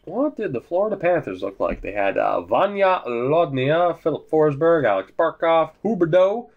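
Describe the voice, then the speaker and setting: A young man casually commentating his hockey video game, joking and swearing, swinging from low mutters to sudden shouts. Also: very animated, normal speed, vocal fry, narrow, tinny audio. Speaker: gaming commentator.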